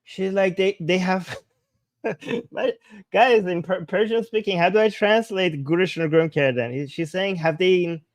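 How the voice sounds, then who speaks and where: A man's voice: high voice, a little fast, dry recording. A man giving casual commentary, translating Persian video clips aloud and laughing often. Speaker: political commentator.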